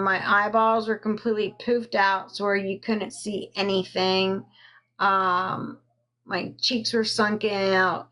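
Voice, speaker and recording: A woman livestreamer tells her own personal story into a phone on a live stream, halting with frequent pauses and fillers and stopping to thank viewers. Her voice is medium-pitched with a sharp tone.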